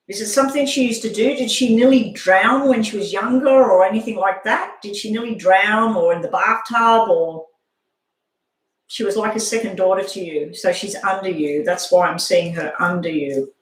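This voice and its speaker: A tarot reader doing a live reading for a viewer, speaking haltingly with frequent ums. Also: mid-range voice, fairly bright tone. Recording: echoey room.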